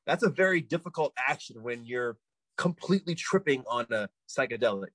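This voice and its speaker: A man as a podcast guest telling a story in a rambling, animated way, with many restarts. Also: mid-range voice, a little fast, dry recording, low-quality recording. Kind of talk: casual anecdote telling.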